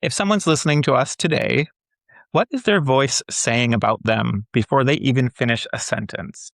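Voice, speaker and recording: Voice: mid-range voice, normal speed, dry recording, clean studio sound. A podcast host who interviews a guest with brief questions and affirmations.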